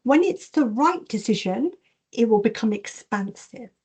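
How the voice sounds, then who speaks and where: Animated woman teaching a masterclass. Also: on the high side, measured pace, slightly rough. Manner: animated, reads chat questions aloud and acts out inner voices. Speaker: intuition and Reiki teacher. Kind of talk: online masterclass talk.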